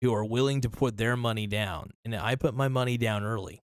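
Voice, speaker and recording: A man hosting a casual solo podcast, talking in a loose, rambling, profane way with many restarts, his voice a little worn and hoarse. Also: mid-range voice, brisk, no room sound, clean studio sound. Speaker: podcast host.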